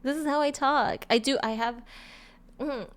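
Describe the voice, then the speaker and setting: A bubbly woman with a Californian drawl chats on a live stream, her voice sitting a little on the high side. She giggles often and tumbles over her words, repeating them as she goes. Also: normal speed. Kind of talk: casual live-stream chat.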